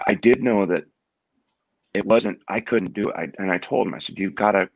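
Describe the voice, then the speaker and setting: Man, middle-aged, from Washington State, low gravelly voice, halting and repetitive, dry close sound. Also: dry recording. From Washington State, USA. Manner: halting, repeats words as he restarts sentences. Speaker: guest. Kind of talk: conversational interview.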